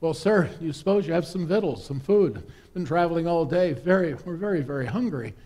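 Weary male vagabond, as a preacher acts him out, polite, halting, begging. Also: a little high, animated, warm tone. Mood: pleading. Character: tired, hungry male vagabond pleading for food and a room.

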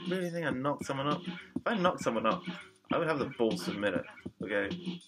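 A man's voice: medium pitch, animated, fairly quick, rough recording. A young man, a rapper, rants in a rambling, profane and defensive vlog monologue. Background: music.

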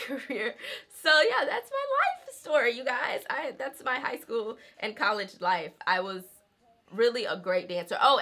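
A woman's voice: mid-range voice, pushed and bright. A woman, chatting casually to her viewers, laughing often and calling them y'all. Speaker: vlogger. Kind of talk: casual chat while doing her hair.

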